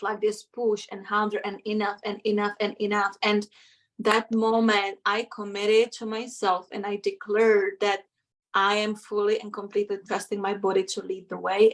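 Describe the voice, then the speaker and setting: A woman's voice: medium pitch, fairly bright tone. A middle-aged woman, a guest in an interview, telling a personal story in a reflective, emotional way and acting out her inner voices.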